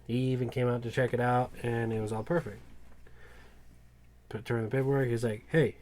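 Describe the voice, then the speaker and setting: A man's voice: mid-range voice, steady tone, a little fast, pauses often, darkish tone. A man, a truck mechanic, telling a rambling work story in casual podcast chat, with plenty of swearing.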